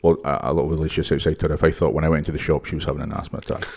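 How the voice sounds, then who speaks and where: A man's voice: a bass voice, flat delivery, creaky, a little mellow, husky. A man in his forties with a north-east Scottish accent, a podcast co-host telling rambling anecdotes in casual chat. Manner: chatty storyteller, quick rambling anecdotes.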